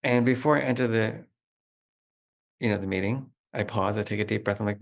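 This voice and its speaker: Gravelly low-voiced man explaining emotions. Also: brisk, pauses often. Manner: animated, explanatory, filler-heavy with frequent "like". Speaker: guest expert. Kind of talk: conversational interview.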